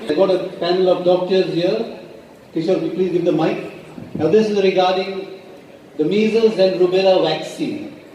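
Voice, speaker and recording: A man's voice: sits high, steady tone, normal speed, mellow, a little hiss or hum. A man, a school principal addressing parents at a meeting in a firm, emphatic way. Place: large school hall. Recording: echoey hall heard from a distance.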